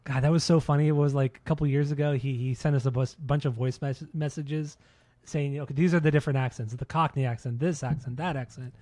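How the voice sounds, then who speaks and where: A man's voice: mid-range voice, fairly even intonation, fast talker, mellow, no room sound. A man co-hosting a podcast, chatting casually about music with enthusiasm, swearing often and restarting his words. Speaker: podcast co-host.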